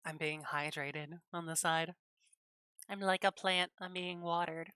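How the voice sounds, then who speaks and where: A woman's voice: fairly low pitch, fairly even intonation, measured pace, sharp tone, clean tone, no room sound, clean studio sound. A woman running a tabletop game as game master on a stream, teasing and laughing often.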